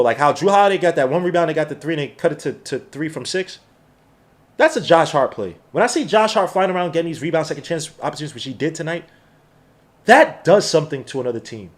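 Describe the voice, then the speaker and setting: Hosting a live basketball watch-along for a podcast, a man talks fast and slangy like an excited fan. His high voice swings up and down a lot.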